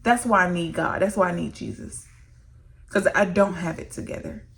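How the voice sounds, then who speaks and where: A woman speaking to her viewers with earnest, emotional candor as she shares a faith testimony. Her low voice has a gravelly, creaky edge, and she talks to them warmly as "y'all.". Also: normal speed. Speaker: licensed minister and vlogger. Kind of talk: candid faith testimony to camera.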